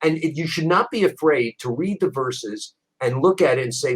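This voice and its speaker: A man, a rabbi, teaching a Bible passage in conversation, animated, repeating words as he restarts. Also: fairly high pitch, normal speed, hardly any pauses, husky, rough recording. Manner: animated storyteller with frequent restarts.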